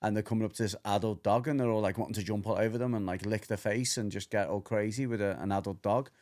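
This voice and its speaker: Animated lower-pitched man telling stories. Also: fast. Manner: animated storyteller who acts out dog voices and swears freely. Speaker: podcast co-host, dog behaviour trainer. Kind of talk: casual chat.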